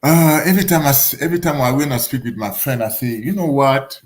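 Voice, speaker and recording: A man in his forties from Africa, a boxer guest telling lively stories in broken English and acting out the voices of others. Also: medium pitch, fast talker. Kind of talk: casual storytelling.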